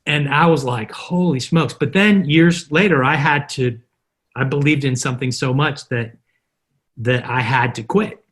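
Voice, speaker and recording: Husky middle-aged guy telling stories on a podcast, acts out both sides of conversations. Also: mid-range voice, moderate pace. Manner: animated anecdotes, acting out quoted dialogue. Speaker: guest, marketer. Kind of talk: storytelling in a podcast interview.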